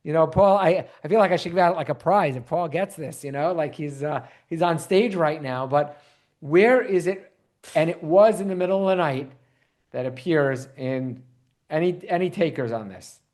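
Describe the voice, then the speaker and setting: Rabbi guy teaching scripture online, fairly high voice, keeps asking the audience questions. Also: normal speed. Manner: animated, quizzes the audience. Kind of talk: online Bible class.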